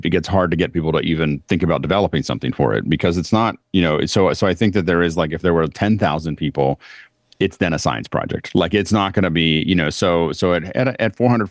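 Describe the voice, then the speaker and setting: A man co-hosting a tech podcast, chatty and halting, with many fillers. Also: sits low, no echo, studio quality. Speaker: podcast co-host. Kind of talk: casual tech panel discussion.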